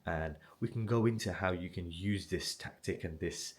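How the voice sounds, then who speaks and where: A man's voice: deep voice, moderate pace. A man giving a blunt, casual motivational talk straight to the viewer, swearing freely and often asking "right?". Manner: blunt and swearing, direct address with frequent "right?". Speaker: motivational self-improvement creator.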